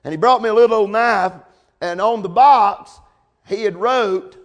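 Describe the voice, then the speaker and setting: Male preacher, high-pitched, folksy sermon delivery with amens. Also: normal speed. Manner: preaching with call-outs of amen and come on now.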